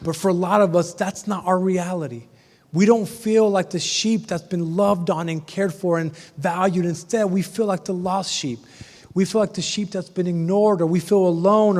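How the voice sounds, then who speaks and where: A man's voice: high voice, darkish tone. A man preaching a sermon as pastor, telling the story conversationally with humorous asides. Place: church sanctuary. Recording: long church reverb.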